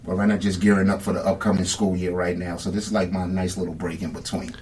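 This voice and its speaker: A laid-back man co-hosts a podcast in relaxed chat. His voice is low and sits a little away from the microphone. He mostly agrees in short, easy replies. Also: fast. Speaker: podcast co-host. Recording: voice a bit far from the mic.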